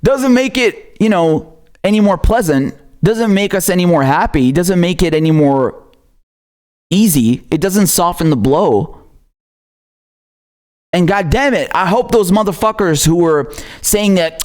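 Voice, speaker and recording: A man hosting a political commentary livestream and reading out viewer messages. He rants angrily with lots of swearing and laughs in between. His voice sits a little high for a man. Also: lively intonation, normal speed, a little mellow. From outside the United States. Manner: angry, profane ranting with laughter.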